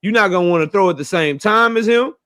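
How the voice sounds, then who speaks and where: A man's voice: sits high, fast talker, a bit bright. A man giving emphatic, slangy opinions on boxing in a casual debate. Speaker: boxing commentator.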